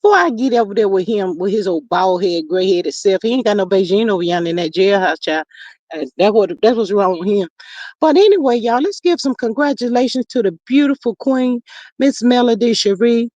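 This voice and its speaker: A woman's voice: mid-range voice, expressive, a little fast, a little mellow, no echo, muffled recording. A folksy woman hosts a livestream and chats casually while reading viewer comments. She drawls and leans on down-home slang. The sound is dry and close, with no room in it. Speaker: livestream host.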